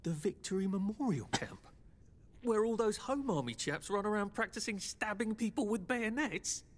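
A man's voice: sits high, expressive, normal speed. An actor voicing a nervous, polite young Englishman in a video game, stammering and sardonic. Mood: hesitant.

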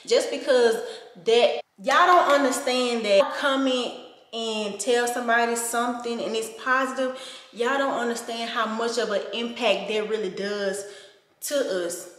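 A woman's voice: fairly high pitch, a bit bright. A woman vlogger, talking earnestly to camera and repeating herself for emphasis. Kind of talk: casual heartfelt talk to camera. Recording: echoey room with long reverb.

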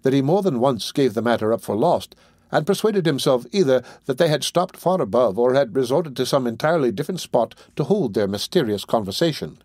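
A man narrating a classic novel as an audiobook in a steady, even storytelling manner. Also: medium pitch, brisk, dry recording, clean studio sound. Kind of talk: scripted narration.

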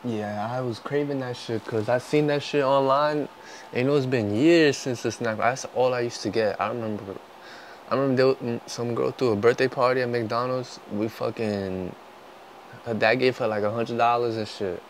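A young man talking through a food tasting in a casual, profane way, cracking jokes and breaking into loud bursts. His voice sits at an ordinary middle pitch for a man, with a faint hum of noise behind him. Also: steady tone, normal speed, poor audio. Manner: profane, joking, loud outbursts. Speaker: vlogger.

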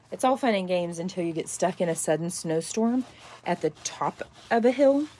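A woman in her thirties from north central Texas, with a softened Texas accent, chatting casually with viewers while she works on epoxy cups. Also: fairly low pitch. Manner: chatty, rambling, reacts to chat comments. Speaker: crafter making epoxy cups. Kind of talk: casual chat while crafting.

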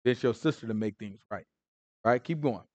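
A man's voice: mid-range voice, fairly quick, no echo, highs cut off. A man teaching a Bible study in casual street slang, acting out the people in the story as he retells it. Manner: street slang, acts out characters, animated. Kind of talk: casual sermon retelling scripture.

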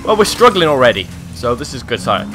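A man's voice: medium pitch, big pitch swings, fairly quick. Young guy gaming, swears a ton, voice jumps all over, game music going underneath. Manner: swears and laughs a lot, shouts at mishaps. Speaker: gaming YouTuber. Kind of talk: excitable gameplay banter.

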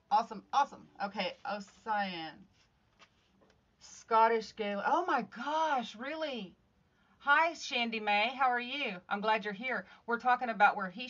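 A woman's voice: medium pitch, a bit bright. A woman hosting a casual livestream, chatting upbeat with viewers and greeting them by name while she works on crafts at home. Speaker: livestream host making craft art. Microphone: phone streaming live. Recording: slightly dull audio with faint music.

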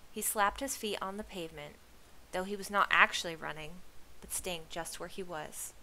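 Woman reading a book aloud, bright voice, kinda low, steady storytelling. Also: normal speed, slight background noise, rough recording. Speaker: reader.

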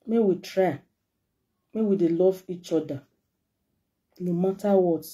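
Her lowish, mellow voice moves a little slowly as she shares a heartfelt message with her followers. She is a middle-aged Nigerian-accented vlogger talking emotionally into the camera.

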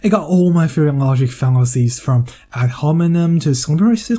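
A man's voice: a little high, normal speed, few pauses, mellow. A man with a dry, wry humor reading his own video essay, with frequent hesitant fillers. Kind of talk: scripted monologue.

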